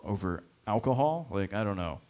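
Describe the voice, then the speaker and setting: A man's voice: lowish voice, expressive, moderate pace, warm tone. A young man telling a loose, profane stand-up story on a comedy club stage into a handheld mic.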